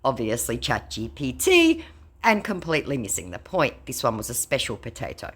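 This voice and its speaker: A woman's voice: rumbling low, huge pitch swings, normal speed, breathy edge. A woman narrating her chats with scammers in a dry, sarcastic, casual way. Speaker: scam-baiting video creator. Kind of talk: casual narration reading chat logs.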